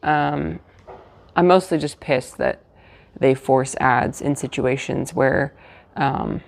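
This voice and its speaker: Low gravelly american woman rambling on stream from a hotel room, lots of ums and restarts. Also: slow pace. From United States. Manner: chatty, rambling, many fillers and restarts; trying to keep her voice down. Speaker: livestreamer. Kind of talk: casual live-stream chat.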